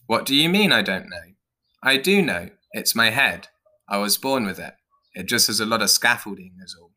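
A man's voice: fairly low pitch, lively intonation, a little slow, pushed and bright, full character voice. A man voicing a nervous, hesitant male mouse who whines and stumbles over his reasons. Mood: whiny. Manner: whining, hesitant. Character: anxious, whiny male mouse.

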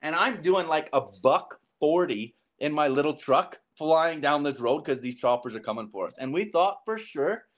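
A young man from southern Alberta, a podcast guest telling a story in casual conversation, animated and acting out what people said. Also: moderate pace, few pauses. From southern Alberta, Canada. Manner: animated, acts out quoted lines with big pitch jumps.

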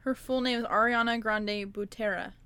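A young woman with a high, bright voice co-hosts a casual podcast, teasing her friends. Her pitch jumps around lively, and the sound is dry and close. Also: normal speed, smooth, no room sound. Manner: teasing, laughing. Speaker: podcast co-host. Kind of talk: casual chat among friends.

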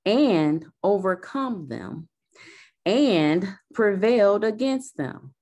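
A woman reading Bible verses aloud in a slow, measured way. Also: medium pitch, lively intonation, darkish tone. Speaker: scripture reader.

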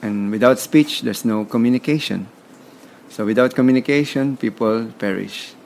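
A man's voice: mid-range voice, normal speed, gravelly, a little mellow, a little hiss or hum. A Filipino man with a Filipino accent, a podcast guest speaking in an emphatic, motivational way. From Philippines. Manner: emphatic, motivational, repeats words. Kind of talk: conversational interview.

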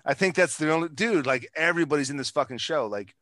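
A man's voice: on the high side, quick pace, fairly bright tone, no echo, studio quality. A man in casual chat, rambling and swearing, with many restarts and fillers.

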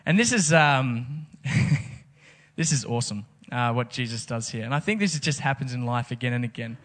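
A man's voice: medium pitch, normal speed, fairly bright tone. A man preaching a casual, conversational sermon, full of rhetorical questions. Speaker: pastor.

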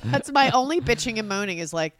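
A middle-aged woman co-hosting a casual chat, animated, swearing freely and acting out quotes. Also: a little high, quick pace, dry recording.

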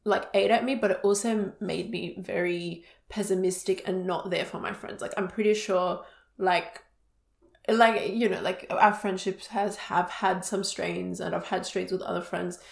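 A woman's voice: medium pitch, creaky. A young adult woman co-hosting a podcast, talking earnestly and openly in casual chat, with lots of "like" fillers. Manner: earnest and open, many "like" fillers. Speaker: podcast co-host. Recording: roomy echo.

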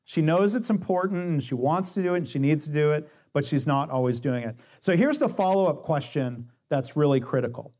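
A man's voice: a little high, animated, fairly quick, hardly any pauses, darkish tone. A man giving a conversational talk on coaching, acting out quoted dialogue as he explains. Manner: explains with acted-out dialogue quotes, shifting pace. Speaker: speaker on coaching and lean management.

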